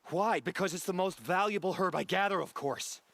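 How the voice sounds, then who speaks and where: A fretful, ranting herb gatherer. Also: male voice, high voice, normal speed, creaky, no room sound. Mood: indignant. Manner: excitable, complaining, breathless rants.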